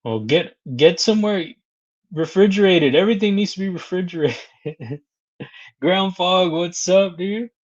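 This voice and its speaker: A man's voice: sits high, unhurried, long pauses, lo-fi sound. A man hosting a casual live stream, greeting viewers by name, reading their comments aloud and laughing often. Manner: chatty, reads out viewer comments and greets them; laughs often between remarks.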